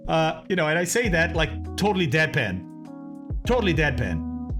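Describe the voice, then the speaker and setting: A man's voice: on the high side, sing-song, moderate pace, music in the background. A man, a streamer animatedly commenting on his own talk and laughing often. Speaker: streamer and flight sim host.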